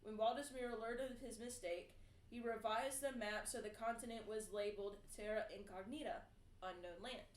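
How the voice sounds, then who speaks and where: A woman's voice: fairly high pitch, steady tone, moderate pace. A woman co-hosting a casual podcast, reading out fun facts with lots of fillers and laughter. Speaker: podcast co-host. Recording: echoey room with faint noise.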